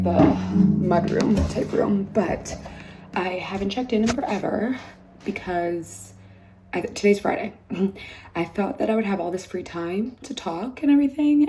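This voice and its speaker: A woman rambling casually in a vlog, her voice going hoarse, with many fillers and "like"s. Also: mid-range voice, mellow. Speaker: bride vlogging her wedding week. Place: mud room indoors.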